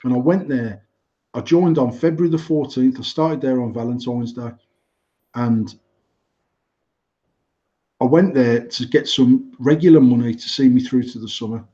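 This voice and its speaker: Co-hosting a podcast, this Englishman in his forties, a company director, talks casually and bluntly, swearing a lot and restarting often. His medium-pitched voice has a dark tone, moves at a moderate pace with long pauses, and the audio is dull.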